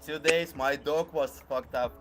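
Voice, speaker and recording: A man in a casual chat, speaking in excited, broken phrases. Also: on the high side, a little slow, music in the background.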